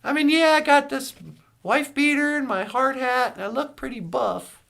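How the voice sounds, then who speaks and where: A woman's voice: sits high, steady tone, moderate pace, gravelly, a bit bright. Woman doing a confiding construction worker. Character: gruff male construction worker.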